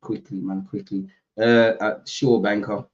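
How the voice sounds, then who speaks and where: A man's voice: on the low side, measured pace, muffled recording. A young man hosting a football watchalong, chatting casually and animatedly with slang to his live viewers. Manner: animated, slangy, banter with chat.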